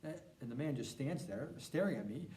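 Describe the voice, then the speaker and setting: A young man teaching a church course by video, relaxed and with frequent fillers as he tells a personal story. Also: mid-range voice, fairly quick. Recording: roomy sound from a distant mic.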